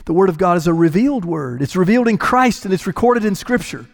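A pastor with a high, light voice preaches a sermon, hammering his points home through emphatic repetition. He's animated, talks fast and sounds creaky, and his words ring with a long hall reverb like a large church sanctuary.

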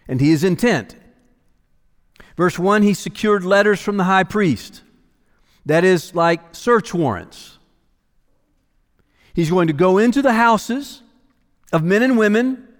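In a large hall, a man with a high-pitched voice preaches an expository sermon as pastor. He's dramatic and emphatic, sometimes dropping to a near-whisper for weight.

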